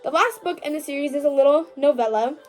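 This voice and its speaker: A young woman with a high voice talks through a book recap for her vlog. She is chatty and gushing, with lots of "like" fillers and playful, dramatic mock outrage. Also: fast talker, soft background music. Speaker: book vlogger.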